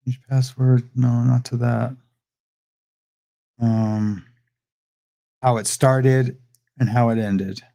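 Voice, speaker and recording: A man's voice: medium pitch, flat delivery, slow, vocal fry, long pauses, mellow. A young adult man hosting a livestream, rambling defensively and repeating himself in a heated rant. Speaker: livestream host.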